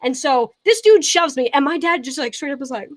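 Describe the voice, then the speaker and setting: Young woman, podcast guest, high voice, animated storytelling, casual chat. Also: a little fast. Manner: animated storytelling with lots of fillers.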